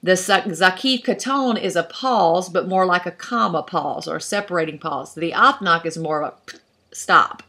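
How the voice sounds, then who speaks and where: A woman's voice: fairly low pitch, normal speed, sharp tone. A woman teaching an online class, explaining step by step in a patient way and thinking aloud as she goes. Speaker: Hebrew instructor.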